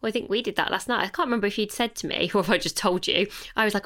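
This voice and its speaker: British woman podcast co-host, mid-pitched, anecdotal and hesitant. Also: very fast, hardly any pauses, a bit bright. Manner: storytelling, hesitant, self-correcting. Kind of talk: casual podcast chat.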